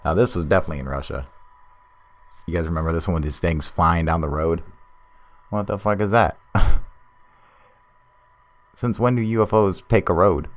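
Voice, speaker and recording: Deep-voiced, cursing commentary guy. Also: moderate pace, pauses often. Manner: profane, excitable, chatty. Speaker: video host. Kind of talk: casual video commentary.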